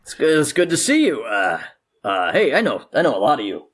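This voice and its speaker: A man voicing a rowdy, hungover male half-orc brawler who shouts and curses at the press gang. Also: mid-range voice, wildly swooping pitch, brisk, slightly rough, heavily acted. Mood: pleading. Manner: shouting, crude and whiny.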